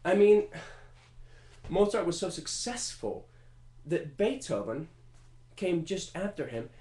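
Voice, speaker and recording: A man riffing in a casual comedic monologue, animated and profane, rambling with fillers. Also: sits high, slow pace. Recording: roomy echo.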